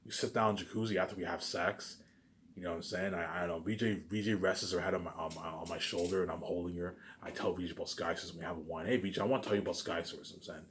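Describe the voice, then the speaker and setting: A man's voice: low-pitched, fairly even intonation, fast talker, fairly bright tone, a little hiss or hum. A man rambling through a daydream monologue, stumbling over restarts and saying "obviously" and "you know what I'm saying" over and over. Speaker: vlogger.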